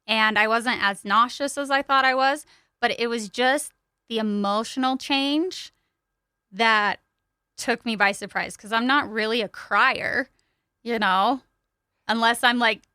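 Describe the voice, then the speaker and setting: A woman's voice: fairly high pitch, unhurried, bright, forceful tone, smooth, no room sound, clean studio sound. A woman guest on a podcast, telling her own story in an open, chatty way with lots of casual fillers. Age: young adult to middle-aged. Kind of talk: candid personal storytelling. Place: podcast studio.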